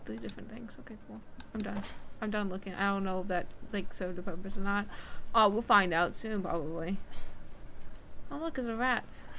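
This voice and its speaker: A woman's voice: mid-range voice, creaky, a little hiss or hum. A woman streamer giving let's play commentary. She swears freely and chats to the characters on screen. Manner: profane, chatty, talks to game characters. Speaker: gaming streamer. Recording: commentary over loud game music.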